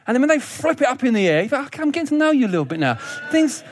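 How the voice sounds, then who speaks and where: High-voiced, lively preacher man. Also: racing, dry recording. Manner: lively, humorous, laughs often, repeats words. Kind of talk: sermon.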